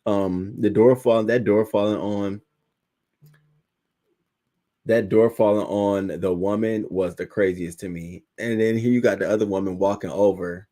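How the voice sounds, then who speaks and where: A man's voice: on the low side, measured pace. A man hosting a casual live stream, chatting with viewers, thanking them by name and retelling viral clips with laughter and mimicry. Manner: animated, laughing storyteller who greets viewers by name. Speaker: livestream host.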